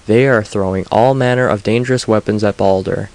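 A man's voice: fairly low pitch, steady tone, fairly quick, darkish tone, natural voice. A man reading the lines of a scheming god disguised as an old woman in an audiobook, with a prying, questioning manner.

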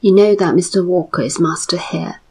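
A man's voice: high-pitched, moderate pace, husky. A woman whispering a curt, irritable official. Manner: curt, sharp. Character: tense irritable Scottish colonial official. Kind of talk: whispered reading.

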